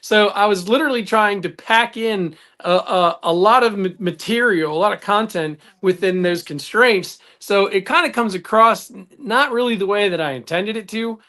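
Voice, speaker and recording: A man's voice: high voice, normal speed, few pauses, bright, forceful tone. Male co-host, blunt and heated, swears freely. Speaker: podcast co-host. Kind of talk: casual chat.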